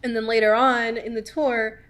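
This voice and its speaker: A woman in her twenties hosting a podcast, telling a story casually with lots of "like" fillers and animated quoting of people. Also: on the high side, normal speed. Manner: chatty, filler-heavy with many "like"s. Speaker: podcast host.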